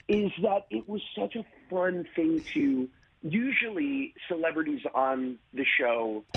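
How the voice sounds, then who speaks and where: A man being interviewed as an actor over a video call, telling stories animatedly with quick restarts and laughs, in a gravelly voice. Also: medium pitch, lo-fi sound, a little hiss or hum.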